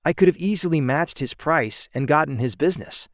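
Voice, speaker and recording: A man narrating his own first-person audiobook in a steady storytelling manner, recorded on a close studio mic. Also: a little high, brisk, dry recording.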